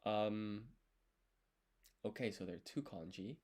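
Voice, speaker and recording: A man's voice: lowish voice, slow, darkish tone. A young man studying on a live stream, counting strokes aloud and explaining each step patiently as he writes. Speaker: language learner streaming his study. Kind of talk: casual live study session, thinking aloud.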